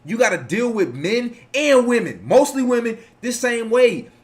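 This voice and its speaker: A man's voice: extremely high pitch, very animated, normal speed. A man giving casual reaction commentary, rambling, profane and preachy as he lectures his audience.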